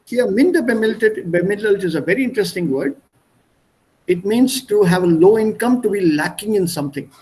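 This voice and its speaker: A man's voice: high-pitched, expressive, a little fast, darkish tone, poor audio. A man with an Indian accent teaching an online German class, explaining words through strings of English synonyms. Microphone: video call.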